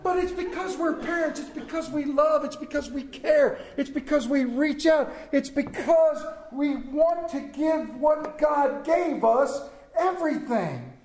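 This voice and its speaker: A man's voice: extremely high pitch, lively intonation, measured pace, few pauses, a little mellow, echoey room. A middle-aged man preaching a humorous sermon to a congregation, telling family stories with jokes and asides. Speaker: pastor. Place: church sanctuary.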